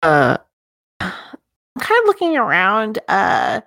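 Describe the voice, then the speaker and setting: A woman's voice: medium pitch, huge pitch swings, takes it slowly, creaky, fairly bright tone, no echo, studio quality. A woman playing a tabletop game, talking in a hesitant, polite way with many restarts. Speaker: player. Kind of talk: casual tabletop play.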